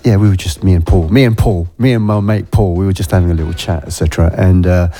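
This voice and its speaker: A man's voice: low-pitched, fairly even intonation, fast talker, warm tone, faint music behind. A man hosting a radio show, chatting casually in a rambling way full of fillers, on a studio microphone.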